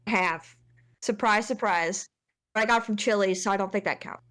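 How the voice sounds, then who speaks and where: A woman's voice: mid-range voice, racing, a bit bright. A woman chatting as a podcast guest over a video call. She talks casually and hesitantly, searching for words with plenty of fillers. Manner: hesitant, many fillers, laughs easily. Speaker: guest, co-worker of host. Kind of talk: casual chat.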